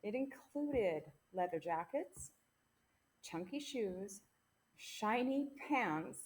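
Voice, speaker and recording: A woman hosting a casual podcast from a small home recording room. She reads out the case notes and banters in a playful, teasing way. Her voice sits at a middling pitch. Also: animated, extremely slow, darkish tone. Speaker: podcast co-host presenting the case.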